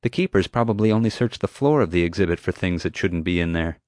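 A man's voice: sits low, lively intonation, fast talker, a little mellow, no echo, clean studio sound. A man reading an audiobook, voicing a knowing mother who explains things patiently. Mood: explaining. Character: sharp, knowing mother, a woman. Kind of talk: audiobook character voice.

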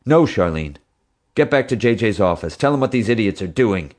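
A man reading an audiobook, voicing a tough, protective father who shouts forcefully. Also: fairly low pitch, expressive, moderate pace, pitched above the performer's own voice, lightly acted.

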